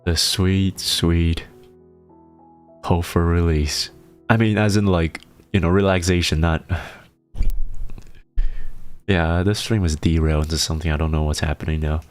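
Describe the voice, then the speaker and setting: Male streamer, very deep and hoarse, rambling casual chat, laughs easily. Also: steady tone, measured pace, pauses often, no room sound, faint music behind. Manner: rambling, joking, often laughing. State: hoarse from laryngitis.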